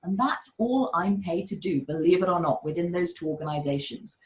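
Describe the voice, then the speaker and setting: A woman's voice: on the low side, a little fast, low-quality recording. Emphatic British woman coaching on a call. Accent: neutral British. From United Kingdom. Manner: emphatic, energetic storyteller, addresses the audience directly. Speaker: public speaking coach and guest speaker. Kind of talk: webinar advice talk.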